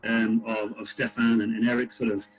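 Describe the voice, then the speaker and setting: A man's voice: fairly low pitch, level tone, moderate pace, faint music behind, poor audio. A man on a casual video call, telling a winery story from outdoors in a vineyard with plenty of fillers and restarts. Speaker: winery panelist. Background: tractor passing.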